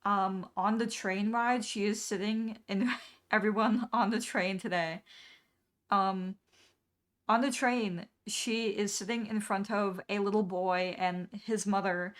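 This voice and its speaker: Slow, rambling young woman streamer. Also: medium pitch, steady tone. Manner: rambling, full of "um" and "like", laughing at the plot. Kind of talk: casual storytelling recap.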